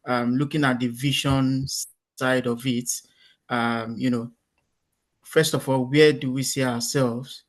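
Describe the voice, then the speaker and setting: Measured male workshop moderator. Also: mid-range voice, level tone. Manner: measured, summarizing, with frequent "um" pauses.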